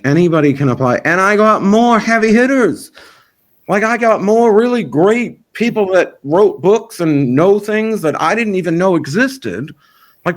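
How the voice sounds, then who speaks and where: Frank, rambling man chatting. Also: fairly high pitch. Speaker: festival organizer. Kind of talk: casual interview chat.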